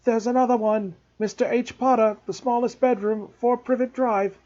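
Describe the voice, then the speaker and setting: A man voicing a spoiled young boy who calls out in a raised, excited, higher voice in a storybook reading. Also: normal speed, highs cut off.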